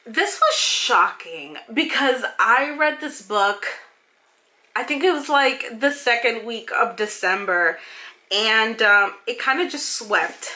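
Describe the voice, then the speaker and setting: A young woman with a bright, sharp voice, sitting slightly higher than most. She talks to her viewers in a casual book review vlog, gushing and emotional, with many fillers and quick rushes of words. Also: animated. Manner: fillers and sudden bursts of speed.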